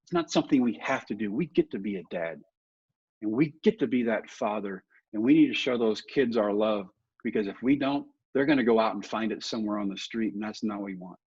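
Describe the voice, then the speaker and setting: A man in his fifties, a podcast guest and motivational speaker, telling lively, self-deprecating stories. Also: lowish voice, brisk, husky. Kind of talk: storytelling in a podcast interview. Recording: dull, muffled audio.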